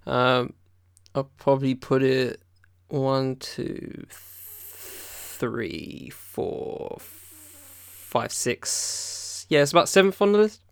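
A man's voice: medium pitch, lively intonation, drawn-out words, creaky, clean tone, no echo. A man co-hosting a podcast in a loose, rambling chat, full of fillers and swearing. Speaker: podcast co-host. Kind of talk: casual chat.

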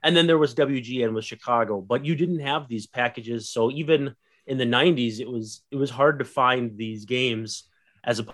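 A man hosting a podcast, talking relaxed and loose with lots of fillers and restarts. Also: medium pitch, moderate pace. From USA. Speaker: podcast host. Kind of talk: casual podcast chat.

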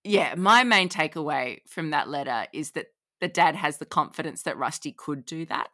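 An Australian woman co-hosting a casual podcast, her voice very low yet bright and sharp. Her intonation leaps and dips animatedly as she laughs and trails off mid-thought, recorded dry and close. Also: lively intonation, moderate pace, no room sound. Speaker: podcast co-host. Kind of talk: casual chat.

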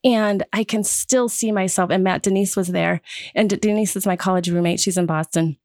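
This podcast guest, a Wisconsin woman in her fifties, shares personal stories in a casual group conversation, lively and acting out the voices of the people she quotes. Her voice is mid-range at a normal speed. It's recorded at studio quality without echo.

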